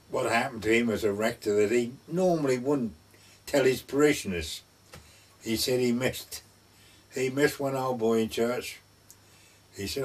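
An older man, telling an anecdote in a rambling way, full of "I said, he said". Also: mid-range voice. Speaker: interviewee. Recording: distant mic, husky.

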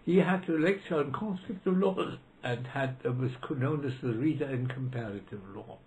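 A man's voice: medium pitch, moderate pace, a little mellow, low-quality recording. An older man whose first language is not English, recalling colleagues in an oral history interview with frequent hesitations. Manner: hesitant, anecdotal, acts out quotes in raised voice. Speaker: interviewee, retired law professor.

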